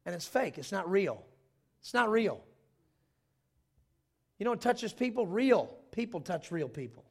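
A man preaching a sermon in a church, telling stories with jokes in an animated way. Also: high voice, a little slow, pauses often.

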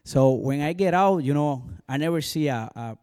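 A male pastor with a strong Spanish accent and Spanish as his first language, giving an animated personal testimony full of "you know" asides. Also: on the high side, moderate pace.

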